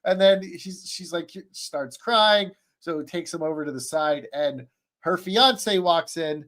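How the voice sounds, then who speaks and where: A man on a streamed podcast call, recapping an anime in a rambling, excitable way, full of fillers and restarts. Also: on the high side, unhurried. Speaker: podcast panelist. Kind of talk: casual chat, recapping an anime.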